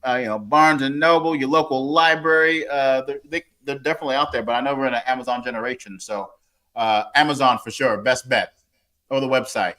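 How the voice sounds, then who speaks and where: Guest author, man in his 40s, crisp forceful tone, rambling casual talker. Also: medium pitch, a little fast. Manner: rambling, lots of fillers and restarts. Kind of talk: casual interview talk.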